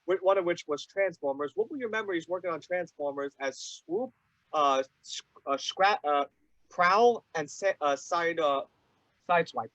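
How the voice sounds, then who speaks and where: Young male host, eager and halting, slightly high voice, dry dull lo-fi mic. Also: a bit bright, no room sound. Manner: eager, halting, many fillers. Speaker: podcast host. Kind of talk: fan interview questions.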